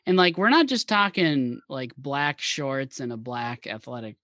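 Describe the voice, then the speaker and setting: A man's voice: medium pitch, very animated, measured pace, pushed and bright, dry recording, studio quality. A man co-hosting a podcast, chatting casually, teasing and laughing often. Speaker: podcast co-host. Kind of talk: casual chat.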